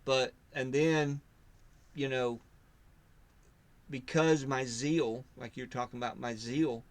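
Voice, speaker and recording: A man's voice: mid-range voice, fairly even intonation, slow. Rambling man telling a faith story. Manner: rambling, self-interrupting storyteller who acts out quotes loudly. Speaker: podcast co-host. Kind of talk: casual faith discussion.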